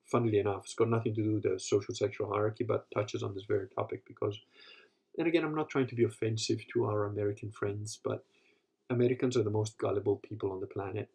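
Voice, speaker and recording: A man's voice: on the low side, gravelly, darkish tone, breathy edge. A man hosting a live Q&A, telling crude, rambling stories with lots of profanity. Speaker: host answering live questions. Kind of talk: live Q&A talk.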